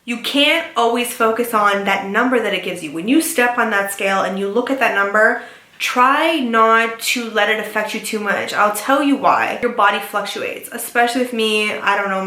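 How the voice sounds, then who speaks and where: A woman's voice: medium pitch, bright, forceful tone. A young woman vlogger in a casual chat to camera, rambling with lots of "like" and "um". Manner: chatty, filler-heavy with lots of "like" and "um". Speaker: beauty and lifestyle vlogger. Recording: echoey room.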